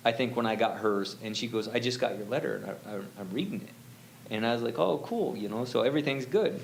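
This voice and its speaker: Male guest, mid pitch, rambling personal story, slight background hiss. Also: poor audio. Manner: rambling, many fillers and self-quotes. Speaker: guest telling his faith story. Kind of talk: casual storytelling.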